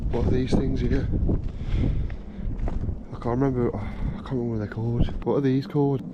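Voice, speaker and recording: A man's voice: medium pitch, little pitch movement, brisk, muffled recording. Chatty man vlogging outdoors. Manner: chatty, addresses viewers as ladies and gents, swears casually. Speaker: vlogger exploring abandoned cars. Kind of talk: casual chatty vlog talk to camera. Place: in a car, then outdoors in snowy countryside. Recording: noisy outdoor recording with wind and car noise.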